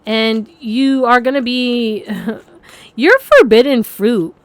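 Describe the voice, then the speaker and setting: A woman's voice: fairly high pitch, takes it slowly, dry recording. Chatty, swearing young woman reading tarot. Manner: chatty and rambling, swears freely, laughs often. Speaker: tarot card reader. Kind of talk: casual pick-a-card tarot reading.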